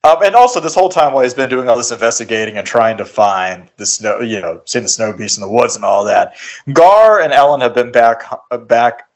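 A man's voice: mid-range voice, expressive, fairly quick. A man casually chatting about a movie with a co-host, adding trivia and laughing. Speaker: podcast co-host. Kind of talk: casual movie recap chat.

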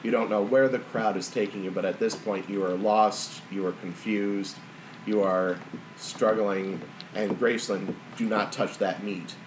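Slow-talking male game master. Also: lowish voice, noisy background. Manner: relaxed, halting with fillers. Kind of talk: narrating a tabletop game.

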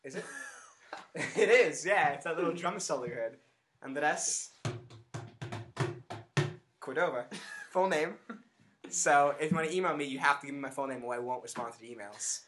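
A man's voice: a little high, moderate pace, long pauses, over music. A man co-hosting a casual podcast from a home basement, joking and laughing often. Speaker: podcast co-host. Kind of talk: casual chat.

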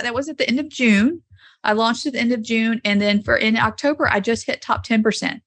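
A woman hosting a podcast, chatting casually and telling stories in an animated way. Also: mid-range voice, fairly quick. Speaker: podcast host. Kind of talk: casual chat.

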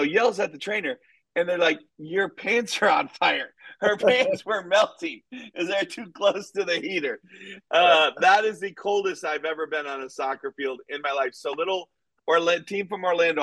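A man, a soccer coach co-hosting a podcast, chatting casually and rambling through animated stories with many fillers. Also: on the high side, no room sound, low-quality recording. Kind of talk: casual chat and storytelling.

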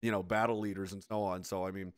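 A man in casual podcast chat, rambling and animated, swearing freely as he rants. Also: low-pitched, fast, dry recording, studio quality. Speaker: podcast co-host.

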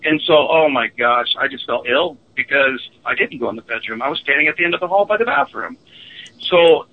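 A man's voice: mid-range voice, animated. Earnest man on a phone line. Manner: earnest, halting, with fillers. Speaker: guest. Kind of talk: telling a personal paranormal story.

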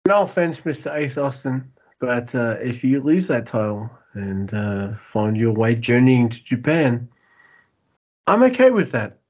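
Tipsy, excitable male podcast co-host. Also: mid-range voice, a little slow, muffled recording. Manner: excitable, swears freely, laughs often. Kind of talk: casual wrestling podcast chat.

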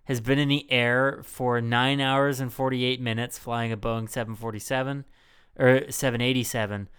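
Male podcast host, jokey, clear tone, meandering. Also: mid-range voice, level tone, moderate pace, fairly bright tone. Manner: rambling, jokey, many fillers. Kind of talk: casual podcast chat.

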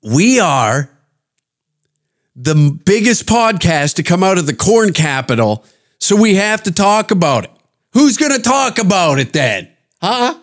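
A man hosting a podcast, his voice sitting a bit high for a man. He rants casually, swearing a lot and mocking as he goes, and his thoughts ramble from one point to the next. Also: very animated, a little slow. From Canada. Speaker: podcast host.

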